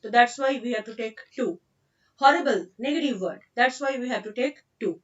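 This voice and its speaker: Indian English teacher, woman, patient and repetitive, high voice, slightly far and muffled mic. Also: normal speed. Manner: explains patiently, repeats sentences, mixes in Hindi. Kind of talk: online grammar lesson.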